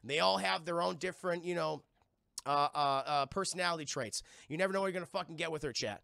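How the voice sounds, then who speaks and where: A young man reviews a TV episode on a live stream, his voice a little high, quick, and sharp, with vocal fry and no room sound. He rambles, swears a lot, and constantly addresses his chat.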